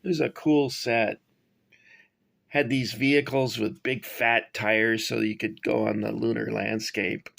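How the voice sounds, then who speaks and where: A middle-aged man casually showing his toy figures and rambling off on tangents with many pauses. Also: lowish voice, little pitch movement, gravelly, a bit bright. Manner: rambling, digressive, many fillers. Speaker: toy collector reviewing figures. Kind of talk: casual show-and-tell.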